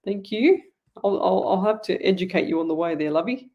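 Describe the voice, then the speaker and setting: Hosting her live online psychic show, a middle-aged Australian woman rambles chattily through readings and viewer comments, often restarting. She speaks a little fast in a mid-range voice, and the highs are cut off.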